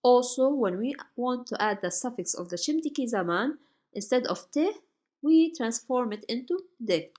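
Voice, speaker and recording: A woman teaching Turkish grammar from slides, saying each example word slowly and carefully. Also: fairly high pitch, animated, a little mellow. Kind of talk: slide-based grammar lesson.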